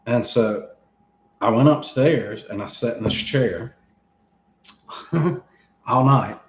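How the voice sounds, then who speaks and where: A man's voice: mid-range voice, slow, reverberant, slight background noise. A man in his thirties telling a long story in casual chat, laughing as he goes and acting out what people said. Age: 30s. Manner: animated, laughing between lines, acts out quoted speech.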